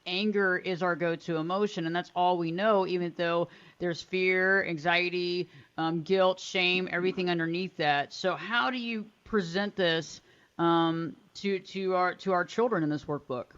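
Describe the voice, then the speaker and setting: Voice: mid-range voice, steady tone, unhurried, a bit bright, clear, resonant tone. Radio show host, thoughtful, emphatic questions, podcast interview, somewhat dull lo-fi sound.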